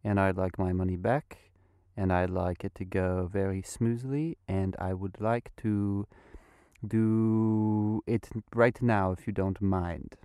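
Young male podcaster, slow and smooth, mock-formal politeness, dry close sound. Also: sits low, fairly even intonation, warm tone, no room sound. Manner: overly polite, formal phrasing, rambling. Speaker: podcast host in character. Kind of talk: improvised comedy sketch.

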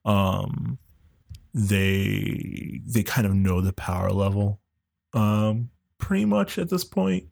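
A man chats haltingly on a casual podcast, full of fillers and quick laughs. His voice is low and gravelly. A cold leaves him nasal and congested. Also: expressive, a little mellow. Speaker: podcast co-host.

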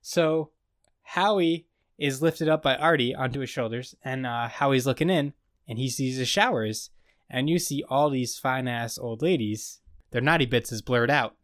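A man's voice: mid-range voice, moderate pace, a bit bright, no echo, studio quality. A man co-hosting a podcast, rambling through a casual comedic recap and acting out scenes. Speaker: podcast co-host.

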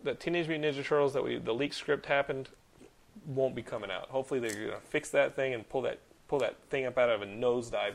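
Guy hosting a podcast, gravelly voice, gets worked up and swears a lot telling stories. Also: mid-range voice, fast. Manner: animated, swearing, storytelling. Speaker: podcast host. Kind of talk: casual chat.

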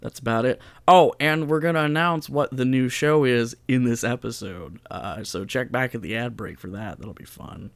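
A man's voice: medium pitch, normal speed, creaky, few pauses. Joking male podcast host. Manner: joking, self-mocking, chatty. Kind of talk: casual podcast banter.

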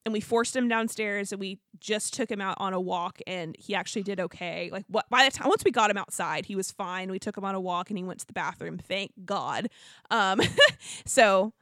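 A woman co-hosting a podcast chats casually through a pet story. She acts out other people's lines as she goes. Her voice is mid-pitched and the recording is dry and close. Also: normal speed, fairly bright tone, dry recording. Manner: chatty storyteller, quotes others, laughs often. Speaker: podcast co-host. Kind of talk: casual chat.

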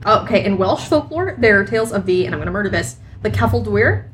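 A woman's voice: medium pitch, lively intonation, fast talker, a little hiss or hum. A woman co-hosting a casual podcast, laughing often as she walks through folklore facts. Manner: giggly, presents folklore facts. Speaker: podcast co-host.

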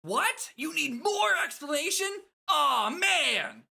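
Player putting on an excited high young guy itching to battle. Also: slow pace, creaky, exaggerated voice. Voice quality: loud and excited. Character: eager young male tin pin player.

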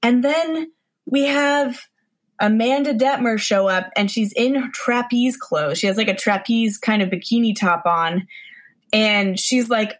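A podcast co-host with a fairly high voice chats casually at a moderate pace about a bad movie. She sounds sarcastic and incredulous, filling her talk with lots of "like."

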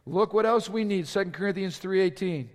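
A man's voice: high-pitched, a little fast. A man preaching a sermon, asking his congregation rhetorical questions and building up in volume. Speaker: pastor. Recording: long hall reverb.

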